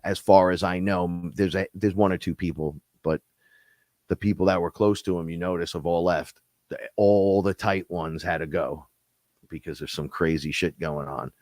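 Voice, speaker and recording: A man hosting a casual spiritual talk show, telling stories in a rambling, profane, animated way. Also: deep voice, normal speed, dry recording. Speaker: host.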